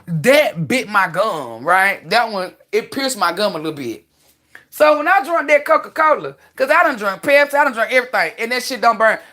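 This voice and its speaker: Animated, profane woman telling stories. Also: on the high side, moderate pace. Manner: animated, profane, rambling storyteller. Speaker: livestream host. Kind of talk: casual livestream storytelling.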